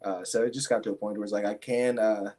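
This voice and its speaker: A man's voice: fairly low pitch, fairly even intonation, quick pace, mellow. Young male fighter, interview guest, casual storyteller with frequent fillers. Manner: rambling, many fillers and restarts.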